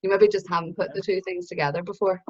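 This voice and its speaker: A woman's voice: fairly low pitch, fairly even intonation, fast, a little mellow, slightly rough. A woman with an Irish accent hosting a singing workshop over a video call, chatting and explaining with everyday examples. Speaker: workshop host. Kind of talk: casual teaching chat. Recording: slightly dull call audio.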